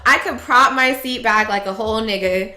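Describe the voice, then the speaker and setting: A woman's voice: a little high, moderate pace, pushed and bright, faint music behind. A woman co-hosting a podcast, chatting casually in a blunt, easygoing way. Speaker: podcast co-host. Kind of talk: casual chat.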